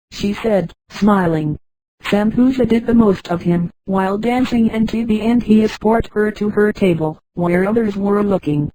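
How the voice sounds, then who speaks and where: A synthetic woman's voice narrating a story, which reads punctuation names out loud. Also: mid-range voice, normal speed, no echo, poor audio.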